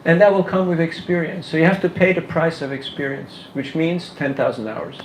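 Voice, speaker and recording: A man giving a casual workshop talk on book distribution, animated and full of rhetorical questions, laughing now and then. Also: on the high side, brisk, echoey room, a little hiss or hum, rough recording.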